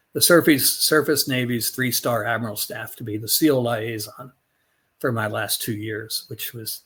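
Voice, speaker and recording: A man's voice: mid-range voice, a bit bright. A middle-aged man, a former Navy officer, telling his story as a podcast guest in a blunt, profane way, acting out both sides of remembered conversations. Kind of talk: candid storytelling interview.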